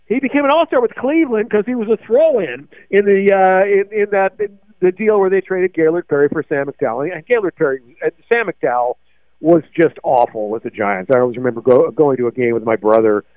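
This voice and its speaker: A man's voice: on the high side, animated, brisk, dry recording. Rambling older man on a tinny line. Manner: digressive, many fillers and restarts. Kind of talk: rambling sports memories chat. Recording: dry tinny phone-like sound.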